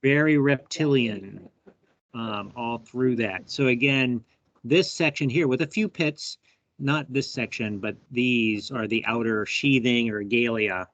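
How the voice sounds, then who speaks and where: A man's voice: medium pitch, takes it slowly, fairly bright tone, no echo. A man hosting a live bee workshop on a video call, chatty and thinking aloud as he shows specimens. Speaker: workshop host. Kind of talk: live online workshop teaching. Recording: dull, dry video call audio.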